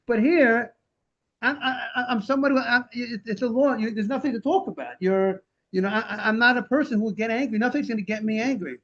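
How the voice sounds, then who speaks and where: Man, high-pitched, runs a Talmud class, animated explainer, lo-fi call audio. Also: fairly quick. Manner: animated explaining, translating Hebrew and Aramaic phrases. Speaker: rabbi teaching Talmud. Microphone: video call. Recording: dull lo-fi video call audio.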